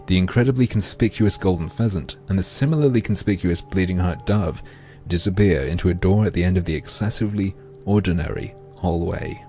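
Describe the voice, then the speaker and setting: Sarkastischer Let's-Play-Sprecher mit tiefer Stimme. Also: male voice, sits low, brisk, warm tone, faint music behind. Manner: sardonic, crude asides. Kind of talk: video game let's play commentary.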